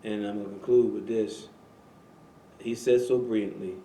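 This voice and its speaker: A man hosting a religious talk show, preaching in a slow, emphatic way with repeated phrases. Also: lowish voice, steady tone, mellow, roomy sound, poor audio. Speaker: imam and show host. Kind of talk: religious talk radio conversation.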